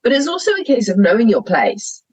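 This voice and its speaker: A woman's voice: a little high, very animated, brisk, breathy edge, no room sound, poor audio. A young woman, a sheep shearer guesting on a podcast, talking frankly and animatedly, laughing often as she tells stories. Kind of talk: candid conversational interview.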